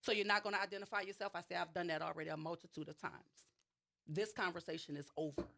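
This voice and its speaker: A woman's voice: lowish voice, a bit bright. Emphatic woman with a New Orleans accent. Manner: emphatic storyteller, frequent restarts. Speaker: guest. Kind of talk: radio interview, personal account.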